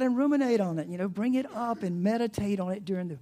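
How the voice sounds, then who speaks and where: A pastor preaching a sermon, animated and asking the congregation questions, dropping to a soft, hushed voice in reflective passages. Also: mid-range voice, quick pace.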